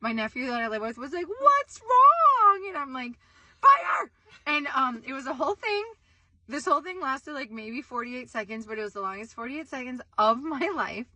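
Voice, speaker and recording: An excitable young woman chatting on her vlog, her voice bright and forceful with a slightly high pitch. She rambles with lots of "like"s, and the sound is dry and close. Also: a little fast, no echo. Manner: excitable, animated, screams in retold moments, many "like"s. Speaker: vlog host. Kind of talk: casual storytelling vlog.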